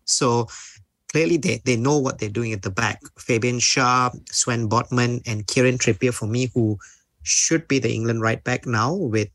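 A man on a football panel show, giving measured, reasoned analysis of a team. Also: medium pitch, fairly bright tone, dry recording. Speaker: football pundit.

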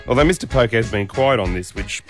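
A man's voice: mid-range voice, lively intonation, a little fast, soft background music. A man with an Australian accent, co-hosting a breakfast radio show in casual banter, joking and teasing with mock-seriousness.

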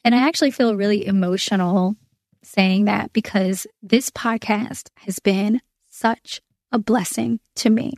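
A woman's voice: mid-range voice, unhurried, darkish tone, dry recording. Earnest woman podcast host, dry close sound. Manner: earnest, heartfelt, with fillers and restarts. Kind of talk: prayer podcast, spoken prayer and reflection.

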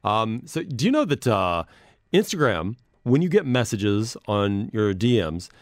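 A man's voice: on the low side, sing-song, a little slow, no room sound, clean studio sound. A man hosting a podcast in casual chat, rambling and self-deprecating as he reads messages aloud. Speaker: podcast host.

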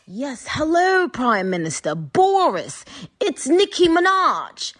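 A woman's voice: high-pitched, very animated, slow, a bit bright, heavily acted. A woman putting on a boastful female pop star who fakes a posh British accent in a comic impression message. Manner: bragging, exaggerated posh delivery.

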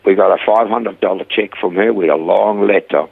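A man, telling stories in an animated way as the guest of an interview about his rehab ministry. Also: deep voice, fairly quick, gravelly. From Australia. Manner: animated storyteller, acting out quoted dialogue. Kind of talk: storytelling interview. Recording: narrow phone-like radio audio.

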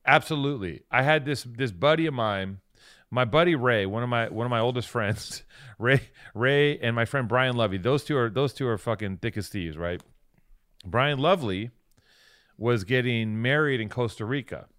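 A man's voice: mid-range voice, moderate pace, a bit bright, no room sound. Rambling, profane man with a dry close sound. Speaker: podcast co-host. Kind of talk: casual chat.

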